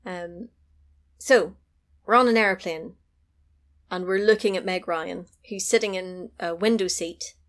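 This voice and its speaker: A woman's voice: unhurried, pauses often. Woman eagerly recapping a film. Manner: animated storytelling, acting out lines in a high voice. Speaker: podcast co-host recapping a film. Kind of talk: casual chat.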